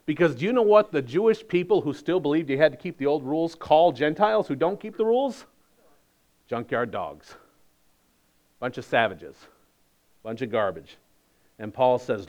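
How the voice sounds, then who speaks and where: A man pastor delivering a sermon with a slightly high-pitched voice. He talks in a conversational way, leans hard on his key points, and slips in wry humor. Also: lively intonation, moderate pace, long pauses, darkish tone.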